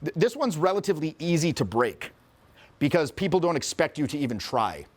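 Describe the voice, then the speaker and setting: Profane, animated middle-aged man coach. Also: a little high, fairly quick. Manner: profane, animated, acts out quoted voices. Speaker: social skills coach. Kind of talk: casual storytelling interview.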